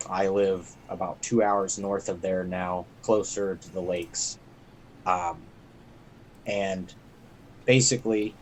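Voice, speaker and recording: A man from Indiana, a guest explaining a story in a hesitant way with many pauses. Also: deep voice, slight background noise, low-quality recording. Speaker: guest researcher. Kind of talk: explanatory talk.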